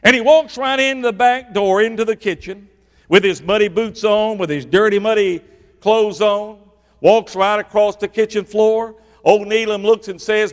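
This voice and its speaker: A middle-aged man, preaching a sermon and swinging between loud bursts and hushed, low lines for emphasis. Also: normal speed. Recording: echoey hall reverb.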